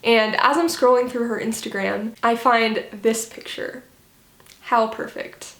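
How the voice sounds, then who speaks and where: A woman's voice: fairly high pitch, fairly even intonation, a little slow, fairly bright tone. Critical woman commentator in a roomy space. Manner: critical, sarcastic, explanatory. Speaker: commentary vlogger. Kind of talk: scripted video commentary.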